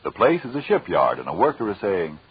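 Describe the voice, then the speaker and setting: A man's voice: low-pitched, huge pitch swings, brisk, husky. A male radio announcer reading persuasive ad copy in an emphatic, old-time manner. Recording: dull old radio recording.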